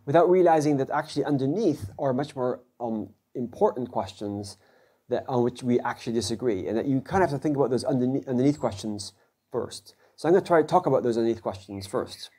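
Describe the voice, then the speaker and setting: Mellow-voiced man giving a lecture. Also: medium pitch, a little fast, husky. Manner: conversational, often checks in with the audience. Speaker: physics professor giving a guest lecture. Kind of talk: public lecture to a live audience. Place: event hall before an audience.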